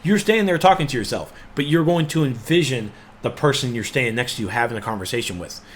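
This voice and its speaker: Animated man in casual podcast chat. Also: mid-range voice, fast talker, slight background noise. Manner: animated, emphatic, rambling. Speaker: podcast co-host.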